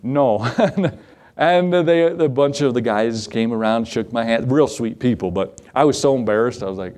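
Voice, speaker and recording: A middle-aged man preaching a sermon, telling folksy stories with frequent chuckles and big swoops in pitch. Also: moderate pace. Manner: folksy, chuckling storyteller with lively pitch swings. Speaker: pastor.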